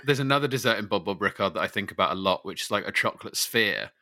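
A man's voice: fairly low pitch, animated, fast, pushed and bright. A man co-hosting a chatty podcast, wry and anecdotal. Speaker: podcast co-host. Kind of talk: casual chat.

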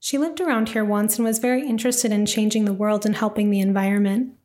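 A woman reading the lines of a calm, mysterious bearded traveler in a spoken story, soft-spoken and cryptic. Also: medium pitch, fast talker, lightly acted. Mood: grim.

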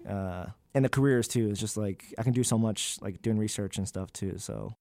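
Young man, low mellow voice, rambling. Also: normal speed, no echo, clean studio sound. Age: young adult. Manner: rambling, many "like" fillers. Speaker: graduate student interviewee. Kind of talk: candid casual interview.

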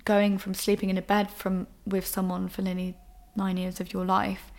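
A woman's voice: medium pitch, completely flat delivery, normal speed, vocal fry. A young woman hosting a podcast, talking frankly and emotionally about her own life, with casual swearing. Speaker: podcast host. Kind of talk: candid personal monologue.

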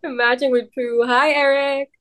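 A woman's voice: sits high, flat delivery, normal speed, a bit bright, a little hiss or hum. A woman co-hosting a podcast in casual chat, laughing often. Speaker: podcast co-host.

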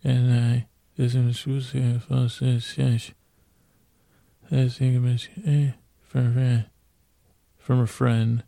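A man's voice: medium pitch, flat delivery, slow, gravelly, dark tone, dry recording. A man hosting a bedtime podcast, rambling and mumbling with playful asides as he thanks listeners. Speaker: podcast host.

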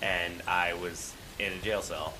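A man's voice: sits low, fairly even intonation, unhurried, noisy background. A man playing a tabletop game, rambling and giggling through casual banter. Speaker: player.

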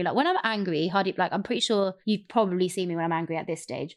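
Fast-talking candid young woman. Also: fairly low pitch. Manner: candid, rapid, expressive storytelling. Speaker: guest sharing a personal story. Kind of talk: casual chat.

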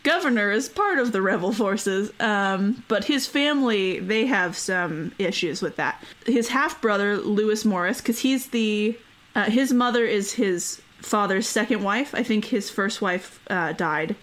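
A woman's voice: medium pitch, animated, a little slow, a bit bright. A woman hosting a casual history podcast. She is chatty, uses many fillers and laughs often. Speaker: podcast host.

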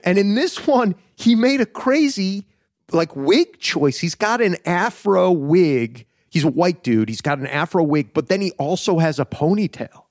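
A man's voice: sits high, expressive, a little slow, a little mellow, no echo. Dry-voiced rambling male podcast host. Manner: rambling and profane, full of "like". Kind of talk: casual chat.

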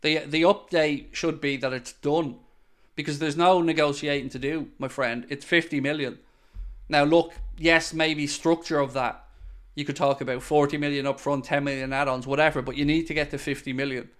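A man's voice: a little high, fairly even intonation, moderate pace. A man hosting a casual live-stream podcast, answering viewer comments bluntly and swearing when worked up.

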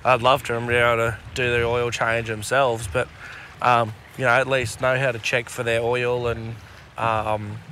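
Brief: easygoing Australian podcast co-host, bright tone, slangy casual chat. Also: male voice, medium pitch, level tone, normal speed, slight background noise. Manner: easygoing, agreeable, uses Aussie slang.

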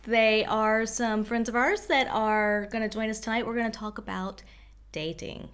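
A woman's voice: on the high side, fairly even intonation, moderate pace, a bit bright, clear, resonant tone. A woman co-hosting a podcast, chatting casually and laughing easily while she tells stories. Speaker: podcast co-host. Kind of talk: casual chat.

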